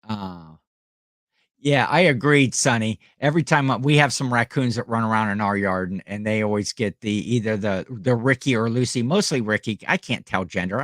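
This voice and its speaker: A man's voice: fairly low pitch, a bit bright, no room sound, clean studio sound. A man hosting a casual live stream, rambling as he reads the chat aloud, with frequent fillers and restarts. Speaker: livestream host selling items.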